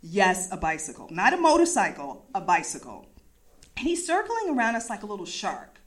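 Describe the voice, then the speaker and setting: A woman from the East Coast of the USA telling a personal story in a casual, animated way, laughing often and swearing freely. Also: medium pitch, moderate pace, a crowd in the background.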